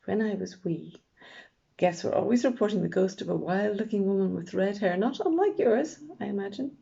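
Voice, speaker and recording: A woman's voice: medium pitch, moderate pace, vocal fry, mellow, natural voice. A woman voicing a chatty, eccentric local history enthusiast who natters on, in a dull lo-fi recording. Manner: chattering, fanciful.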